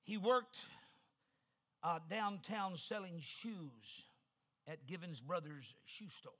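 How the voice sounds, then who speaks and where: An older man from New Mexico preaching at a revival. His voice sits high and has a sharp, cutting edge. He drives his points home with emphatic repetition. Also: slightly rough. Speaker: guest preacher. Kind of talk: revival sermon.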